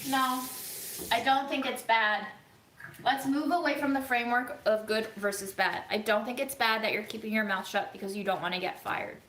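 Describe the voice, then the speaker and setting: A woman vlogger giving an earnest, thoughtful monologue, speaking slowly with frequent pauses and ums. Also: a little high, steady tone, fairly bright tone, reverberant, a little hiss or hum, poor audio. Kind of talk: reflective monologue.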